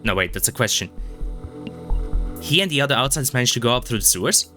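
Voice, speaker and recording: A man's voice: medium pitch, very animated, a little fast, pushed and bright, faint music behind. A man voicing an eager, anxious male robot hacker in a video game, reading his lines with rising urgency. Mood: urgent.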